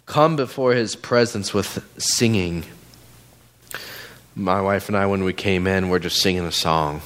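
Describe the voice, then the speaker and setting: A man's voice: low voice, a little slow, a bit bright, smooth. A man giving a casual, conversational sermon in a church, full of fillers and asides to the congregation. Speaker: guest preacher.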